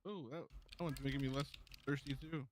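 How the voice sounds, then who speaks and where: A man's voice: mid-range voice, fairly even intonation, a little fast, slight background noise. A man in a role-play game chatting casually in easygoing banter. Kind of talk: casual chat.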